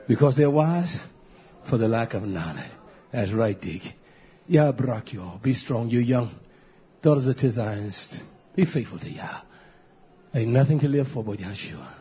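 Folksy husky older preacher. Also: male voice, medium pitch, highs cut off. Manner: folksy, repetitive, animated storytelling. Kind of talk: informal sermon.

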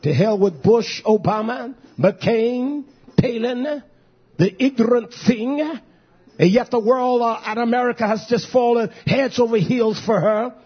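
A male pastor preaching a fiery sermon, swinging between shouts and low mutters with drawn-out emphasis. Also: breathy edge. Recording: dull lo-fi recording.

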